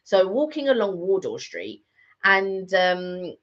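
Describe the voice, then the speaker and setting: On slightly dull, lo-fi audio, a middle-aged vlog co-host chats casually and rambles, full of fillers and restarts. Her mid-range voice is very animated, though her pace is slow.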